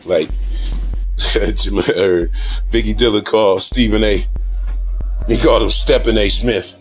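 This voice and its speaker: A man's voice: on the low side, fairly even intonation, normal speed. A man talking straight to camera in a heated, profane monologue, laughing between his points. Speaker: video diarist. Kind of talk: casual ranting monologue.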